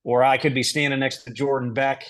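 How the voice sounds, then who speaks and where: A middle-aged man speaking at a middling pitch, talking casually as a guest. He laughs often and works his way through answers aloud, poking fun at himself. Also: flat delivery, brisk. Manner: laughs easily, talks through answers aloud with self-deprecating humor. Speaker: head baseball coach, podcast guest.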